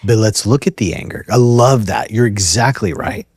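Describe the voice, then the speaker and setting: A man hosting a counseling conversation, speaking gently and reflectively and thinking aloud by rephrasing his points. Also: lowish voice, normal speed, breathy edge, no room sound, clean studio sound. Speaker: host, therapist.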